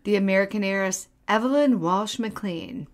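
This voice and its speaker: A woman at a mid pitch co-hosting a casual podcast. She reads passages from an article aloud and breaks in with dry, sarcastic remarks. She laughs often between the lines. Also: moderate pace. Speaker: podcast co-host.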